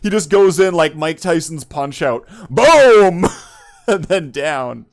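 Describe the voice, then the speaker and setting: A man's voice: fairly high pitch, measured pace. Rambling, joking man on a podcast. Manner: rambling, joking, swears a lot. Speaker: podcast host. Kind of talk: casual profane chat.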